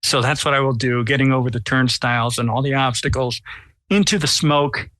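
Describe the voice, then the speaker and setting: A man playing a tabletop game, describing his vampire's actions in a deliberate, wry way. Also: mid-range voice, fairly bright tone, dry recording. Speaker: player.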